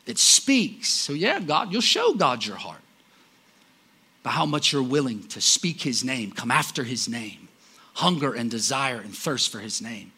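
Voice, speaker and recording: A man preaching a sermon with passion, swinging from loud cries down to low murmurs. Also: breathy edge.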